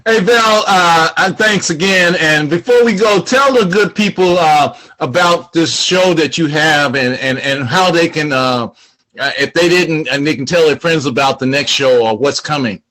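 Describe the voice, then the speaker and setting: A man from Shreveport, co-hosting a casual chat, speaking haltingly with many fillers and repeats. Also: on the high side, pushed and bright, rough recording. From Shreveport, Louisiana. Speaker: co-host. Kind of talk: casual conversation.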